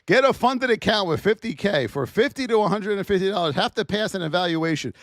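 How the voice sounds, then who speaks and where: A man hosting a live trading lesson, firing rhetorical questions at his chat in a high-energy, hype-driven way. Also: lively intonation, brisk, no room sound, clean studio sound. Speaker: trading educator hosting a livestream.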